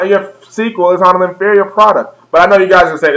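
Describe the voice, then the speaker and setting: A young male vlogger with a slightly high, fairly bright voice goes on a fast comedic rant with hardly any pauses. He's profane and over the top, laughing at his own jokes, and the recording is rough.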